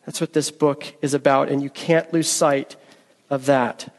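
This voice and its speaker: A man's voice: medium pitch, fairly even intonation, measured pace, big-room sound. A man preaching a sermon as pastor, emphatic and earnest, mixing teaching with storytelling.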